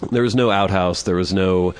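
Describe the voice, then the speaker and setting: A man co-hosting a podcast, telling a long crude anecdote in a rambling, deadpan way. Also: sits low, normal speed, smooth. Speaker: podcast co-host.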